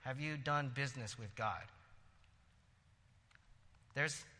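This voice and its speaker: A man preaching a sermon in a lively, conversational way, with quick asides and laughter. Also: mid-range voice, in a large hall. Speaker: pastor.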